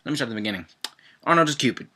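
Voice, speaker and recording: A young man reviewing a cartoon episode in casual chat, rambling with lots of fillers and breaking into excited outbursts. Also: very fast, faint music behind. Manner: rambling, heavy on fillers, swings into excited high-pitched outbursts.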